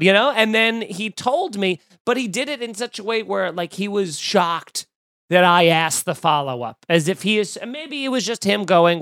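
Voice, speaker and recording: Brief: male podcast host, lively storyteller, high voice, dry close sound. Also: normal speed, smooth, no room sound. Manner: animated, acts out quoted voices. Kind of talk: casual chat. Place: home room.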